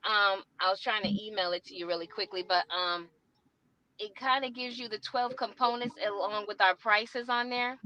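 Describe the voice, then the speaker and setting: A woman who co-founded a credit repair company chats casually as a guest on a remote call, apologetic and talkative, calling people "love" and "sweetheart." Her medium-pitched voice sounds pushed and bright, with fairly even intonation and normal speed. The remote call microphone gives a lo-fi sound.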